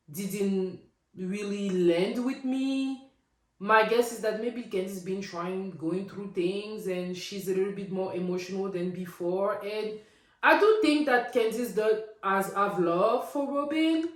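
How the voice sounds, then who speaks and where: Opinionated woman vlogger in an echoey room. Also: medium pitch. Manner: opinionated, animated, rhetorical. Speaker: recap vlogger. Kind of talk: casual reality TV recap.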